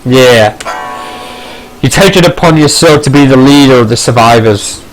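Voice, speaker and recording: A man's voice: mid-range voice, normal speed, soft background music, rough recording. A man playing a text game, reading the story aloud with casual asides. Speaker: gamer. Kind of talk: casual let's play narration.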